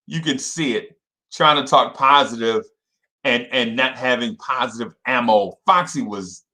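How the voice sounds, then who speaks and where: A young man hosting a casual fan livestream, repeating himself and shouting out viewers by name. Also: medium pitch, measured pace.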